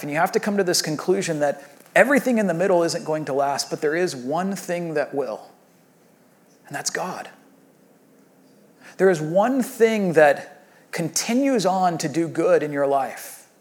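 A pastor in his thirties delivers a sermon in a relaxed, conversational way. His voice sits on the higher side for a man. He moves between animated storytelling and quiet, hushed reflection.

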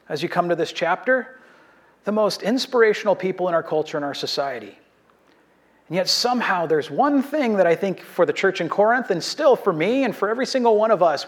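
Earnest pastor preaching, slightly high voice. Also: male voice, animated, a little fast. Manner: earnest, exhorting, with repeated short phrases and soft laughs. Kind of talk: sermon.

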